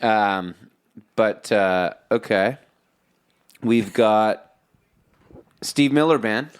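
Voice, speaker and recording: A man's voice: on the low side, very slow, smooth. Rambling, laughing podcast co-host man. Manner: rambling, laughing, acts out movie lines. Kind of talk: casual chat. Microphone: remote call.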